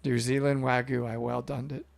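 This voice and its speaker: Sheepish man with a gravelly voice. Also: mid-range voice, level tone, moderate pace, crowd noise. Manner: sheepish, stumbling over words. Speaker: co-host. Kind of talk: casual chat.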